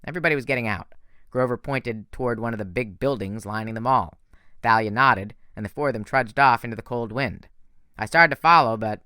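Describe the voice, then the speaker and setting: A man reading a fan audiobook in a lively, casual first-person narration. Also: medium pitch, fairly quick, clear, resonant tone, dry recording, clean studio sound. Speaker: audiobook reader.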